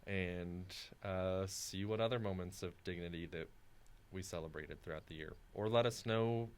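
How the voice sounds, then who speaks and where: A young man co-hosting a casual discussion podcast, talking in a thoughtful, halting way with many pauses. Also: sits low. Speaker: co-host.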